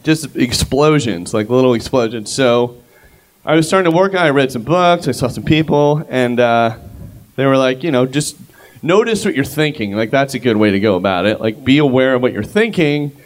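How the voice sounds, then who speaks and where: A man's voice: mid-range voice, a little fast, slight background noise. A middle-aged man telling a self-mocking personal story on stage before a live audience. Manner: rambling, self-mocking, conversational.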